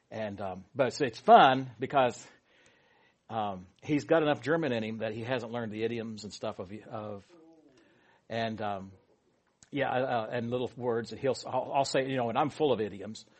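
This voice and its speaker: A man's voice: on the low side, breathy edge. A man leading a Bible study with a prayer, then teaching in a casual, rambling way with many asides and fillers.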